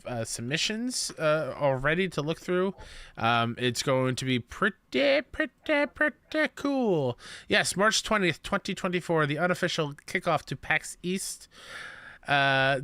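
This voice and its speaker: A man's voice: mid-range voice, sharp tone, clean tone, dry recording. A man co-hosting a podcast in casual chat, upbeat as he promotes things. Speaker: podcast co-host.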